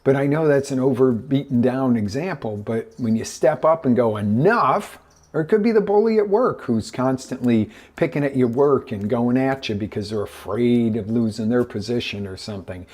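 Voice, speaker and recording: A man's voice: mid-range voice, moderate pace, hardly any pauses. A man hosting a live motivational coaching show, telling stories and acting out voices in them. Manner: animated storytelling, acting out voices in his stories. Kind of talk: motivational talk. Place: live online broadcast.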